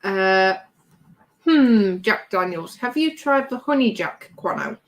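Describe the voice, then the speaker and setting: A woman's voice: medium pitch, animated, slow. A British woman hosting a casual livestream at her home craft bench, reading out viewer comments in a chatty, rambling way with easy laughter. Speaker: livestream host.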